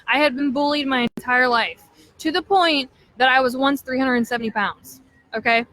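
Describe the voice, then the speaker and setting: A woman's voice: high-pitched, sharp tone, poor audio. A woman in her thirties giving an emphatic motivational talk to her sales team, often checking in with "okay?" and "right?".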